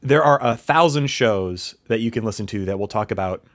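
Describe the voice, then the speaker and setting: A man's voice: fairly low pitch, fairly quick. A man co-hosting a casual podcast chat over a video call, easygoing and explanatory. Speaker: podcast co-host.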